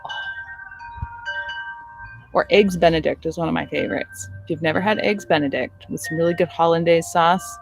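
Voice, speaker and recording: Chatty middle-aged woman, lowish voice. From suburban United States. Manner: chatty, laughs easily, animated storytelling. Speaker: teacher. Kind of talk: casual vlog chat.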